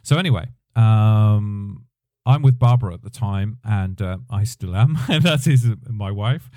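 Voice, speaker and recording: A man's voice: fairly low pitch, measured pace, dark tone, dry recording, clean studio sound. A middle-aged man telling a rambling personal story on his podcast, often correcting himself as he goes. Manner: rambling, self-correcting, chatty. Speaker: podcast host, drummer. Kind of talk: casual storytelling.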